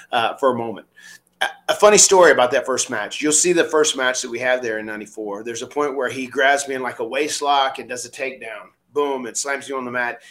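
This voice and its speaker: Bright-voiced man telling lively stories. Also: mid-range voice. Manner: animated, acts out quoted voices, frequent restarts. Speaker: podcast host, former wrestler. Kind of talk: casual storytelling.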